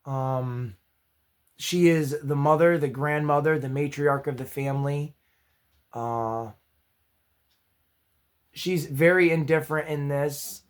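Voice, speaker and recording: A man hosting his own movie review channel, chatty and upbeat with self-deprecating asides, his voice going hoarse. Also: on the high side, fairly even intonation, slow, pauses often. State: losing his voice. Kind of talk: casual spoken movie review.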